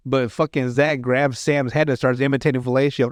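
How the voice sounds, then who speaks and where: A man's voice: medium pitch, level tone, brisk, dry recording, clean studio sound. A man hosting a podcast, retelling comedy sketches in casual chat, rambling and profane, with lots of restarts. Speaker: podcast host.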